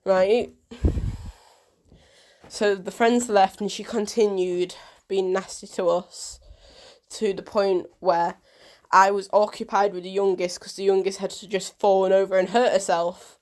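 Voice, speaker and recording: A woman telling a personal story to her vlog camera, animated, and acting out the dialogue. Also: mid-range voice, unhurried. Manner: animated storyteller who acts out quoted dialogue.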